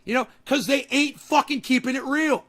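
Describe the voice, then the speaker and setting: A man hosting a political podcast, ranting profanely and breaking into shouts. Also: very high voice, normal speed. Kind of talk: angry political rant.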